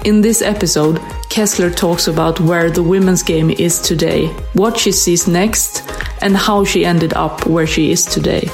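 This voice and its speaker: Gravelly woman narrating an intro. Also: on the low side, steady tone, a little mellow, faint music behind. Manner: measured, formal. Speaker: podcast host.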